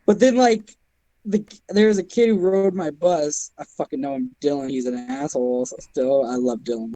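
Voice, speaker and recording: A man's voice: a little high, normal speed, warm tone, no echo, poor audio. A teenage boy co-hosting a stream, telling a rambling story with swearing and laughs. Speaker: stream co-host. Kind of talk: casual storytelling chat.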